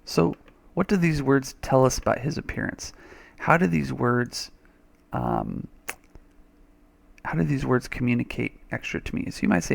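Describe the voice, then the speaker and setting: A man's voice: mid-range voice, sing-song, moderate pace, creaky. A man teaching a reading lesson over a screen recording, chatty and thinking aloud, with little playful sound effects.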